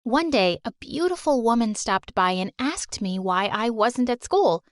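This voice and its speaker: High-voiced young woman storyteller. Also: animated, unhurried, no room sound. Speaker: narrator. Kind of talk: storytime narration.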